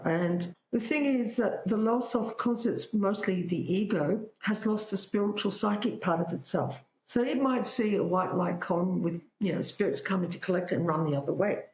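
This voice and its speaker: An Australian woman, appearing as a psychic guest, tells anecdotes animatedly in conversation, voicing the dialogue aloud. She speaks at normal speed in a mid-range voice with hardly any pauses. The recording is reverberant and of poor quality.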